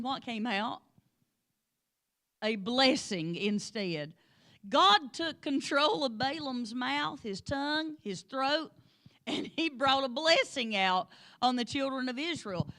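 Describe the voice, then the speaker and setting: Lady teaching sunday school, high voice, lively storyteller, calls on folks by name. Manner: animated storytelling, addresses class by name. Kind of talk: Bible lesson.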